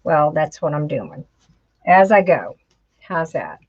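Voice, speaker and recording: A woman's voice: low voice, very animated, takes it slowly, a little mellow, husky. A woman hosting a craft tutorial, chatting and talking to herself as she works. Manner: chatty, talks to herself while working, says y'all. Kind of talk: casual crafting demonstration. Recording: dull lo-fi home video audio.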